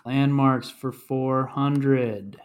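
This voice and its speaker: A man's voice: medium pitch, steady tone, drawn-out words. A man hosting a casual podcast trivia game, reading clues and announcing scores.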